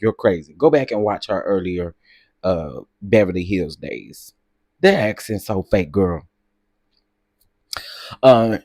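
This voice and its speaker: Reading viewer comments aloud, this livestream host gossips in a chatty way, peppering his talk with "y'all" and "girl." His voice is lowish and a little mellow, recorded dry with clean studio sound.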